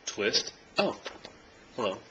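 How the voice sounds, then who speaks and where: A young man filming himself at home as he watches a football game, chatting and cheering loudly. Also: on the low side, sing-song, slow pace, dull audio. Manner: swings from quiet chat to loud cheering shouts. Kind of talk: casual vlog, reacting to live football. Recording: noisy home video recording.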